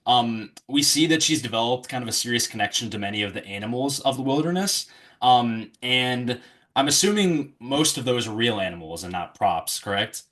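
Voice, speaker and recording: A man's voice: medium pitch, expressive, moderate pace, a bit bright. A man interviewing a guest in an easygoing way, asking questions with plenty of fillers. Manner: easygoing, laughs along, hedges with fillers.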